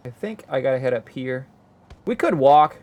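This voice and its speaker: A man's voice: mid-range voice, expressive, normal speed, a little mellow. A man streaming a game, casually thinking aloud and muttering to himself as he plays.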